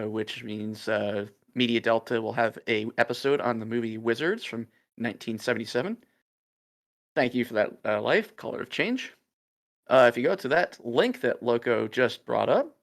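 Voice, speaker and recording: A man co-hosting a game stream, joking boisterously and swearing freely in casual banter. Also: medium pitch.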